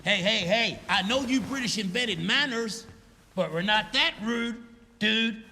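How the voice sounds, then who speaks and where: An actor playing a boisterous, friendly male comedy star who talks loud and effusive. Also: high-pitched, animated, measured pace, slight background noise, exaggerated voice.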